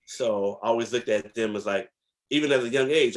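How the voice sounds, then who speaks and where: A guest historian from New Jersey speaks in a brisk, mid-range male voice, reflectively and emphatically recounting stories from his past, full of fillers, in a casual interview.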